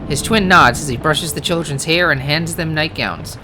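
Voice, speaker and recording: Lively gamer reading a card game aloud. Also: medium pitch, normal speed, hardly any pauses. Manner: reads narration, trails off into hesitant asides and self-corrections. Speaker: let's play gamer. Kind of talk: reading game text aloud with casual asides. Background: game music.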